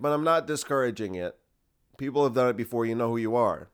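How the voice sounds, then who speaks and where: A man's voice: mid-range voice, brisk, smooth. A man hosting a solo podcast, ranting in a sarcastic, profane way. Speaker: podcast host.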